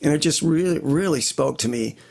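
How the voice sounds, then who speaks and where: A middle-aged man with a somewhat high, gravelly voice that carries a husky edge. He talks in a loose, rambling way, circling back with asides as he thinks aloud. He sits close to his own desk microphone as a co-host of a casual chat. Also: expressive, brisk, darkish tone. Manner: rambling, reflective, many "you know what I mean" asides. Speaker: podcast co-host. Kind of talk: casual chat about guitars.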